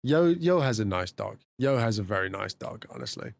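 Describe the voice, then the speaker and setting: A man streaming, chatting casually and laughing, dropping to low mutters and jumping to high exclamations. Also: sing-song, moderate pace, creaky. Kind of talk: casual live-stream chat.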